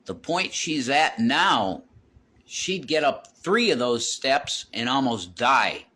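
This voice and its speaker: A man's voice: medium pitch, very animated, takes it slowly, bright, forceful tone. A man rambling and swearing as he walks around his house, vlogging into his phone. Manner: rambling, repeats himself, swears a lot. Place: home, walking around with a phone.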